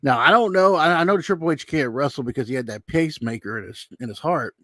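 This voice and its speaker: A man's voice: medium pitch, animated, quick pace, bright, forceful tone, dry recording, studio quality. A man giving a casual, rambling spoken recap with his opinions, acting out quotes as he tells them. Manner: loose, rambling retelling, acts out quotes. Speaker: YouTube commentator.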